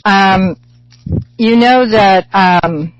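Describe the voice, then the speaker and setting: Woman, middle-aged, spiritual teacher, rambling, chatty, fillers and restarts, mid pitch, dry sound. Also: extremely slow, no echo, lo-fi sound. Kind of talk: casual spiritual teaching talk.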